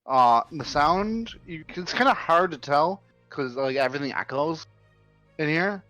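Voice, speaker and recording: A man's voice: fairly high pitch, expressive, unhurried, bright, forceful tone, dry recording, faint music behind. A man narrating as game master in a tabletop game, loose and rambling, with lots of filler words.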